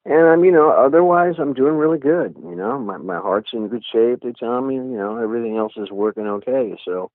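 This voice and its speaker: A man's voice: medium pitch, animated, a little fast, hardly any pauses, dry recording. A middle-aged man, a guest musician, talking candidly in an interview, rambling and leaning on "you know" again and again. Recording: tinny phone line.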